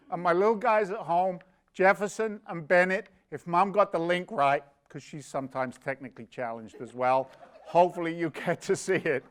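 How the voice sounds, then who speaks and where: Upbeat guy emceeing a charity gala, highish voice, smooth and clear, jokes around a lot. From London. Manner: energetic, joking, rambling. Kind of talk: fundraising hosting. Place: virtual event, live stream.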